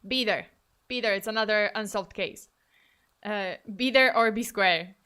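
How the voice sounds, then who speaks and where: A woman's voice: medium pitch, measured pace, pushed and bright, smooth. A woman streamer chatting casually with her viewers, playful and mock-dramatic, often laughing. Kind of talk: casual livestream chat.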